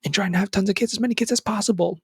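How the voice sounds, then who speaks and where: A young man speaks into a podcast microphone in a slightly husky, fairly high voice. The sound is dry and close. He talks in a casual, earnest way, calling the listener brother, and his voice leaps upward when he stresses a point. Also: rapid-fire, a bit bright, dry recording. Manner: casual and earnest, calls listener brother and bro, pitch jumps when emphatic. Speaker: podcast host. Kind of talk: motivational monologue.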